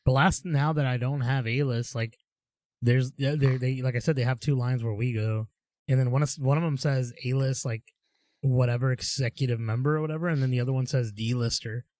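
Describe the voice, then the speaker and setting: A man's voice: medium pitch, fairly even intonation, fairly quick, darkish tone, no echo. A man co-hosting a casual podcast chat, telling long, rambling stories full of "dude" and "like". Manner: rambling storyteller, says dude. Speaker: podcast co-host.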